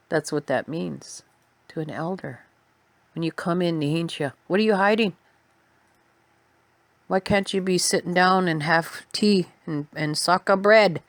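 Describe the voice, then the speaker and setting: A woman telling a personal story in a soft, quiet, unhurried way. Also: on the low side, no echo.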